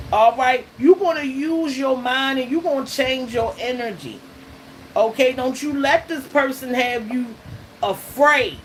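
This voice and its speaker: Hosting her tarot channel, a woman with a high voice reads cards in a casual, emphatic tone, laughing between points and frequently checking in with "okay?" and "all right?" Steady background noise fills the recording.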